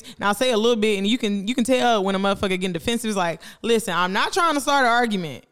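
A woman's voice: medium pitch, fast talker, hardly any pauses, a bit bright, clean tone. A woman co-hosting a podcast in casual chat, blunt and profane, acting out quoted back-and-forth dialogue. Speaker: podcast co-host.

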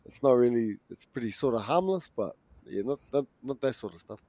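A man's voice: medium pitch, expressive, brisk, warm tone, dry recording. A man with a New Zealand accent, co-hosting a podcast, rambling and searching for words as he makes a point. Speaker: podcast co-host. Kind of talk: casual chat.

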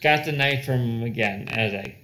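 A man's voice: mid-range voice, a little fast, sharp tone, rough recording. A man casually telling stories among friends, loose and laughing, peppered with "dude" and "like.". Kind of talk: casual storytelling chat.

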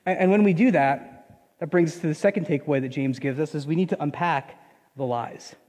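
A male pastor delivers a sermon in a high, light voice. He talks conversationally, restarting phrases and acting out the thoughts of his listeners. A long reverb from a large hall trails behind his words. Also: fairly quick, darkish tone. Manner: conversational preaching with frequent restarts and acted inner voices.

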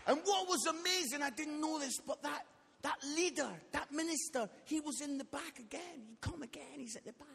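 A man's voice: very high voice, brisk, gravelly, a faint crowd, a little hiss or hum. A man preaching as a guest speaker, telling funny stories and asking the congregation questions in a live church service. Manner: lively, comic, asks the audience questions. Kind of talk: comic storytelling sermon. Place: church hall, live audience. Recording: long church hall reverb.

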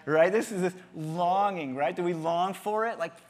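Guy pastor preaching in church, casual tone, slightly high voice, repeats himself a lot. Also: lively intonation, unhurried, hardly any pauses. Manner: conversational, repeats words, acts out voices. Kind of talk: sermon.

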